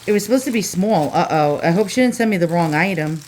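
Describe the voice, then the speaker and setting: A woman's voice: fairly low pitch, expressive, quick pace, darkish tone, slight background noise. A woman with a New York accent hosting an antique unboxing vlog at home, ranting and cursing, then turning cheerful. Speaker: antique channel host. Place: home with dogs.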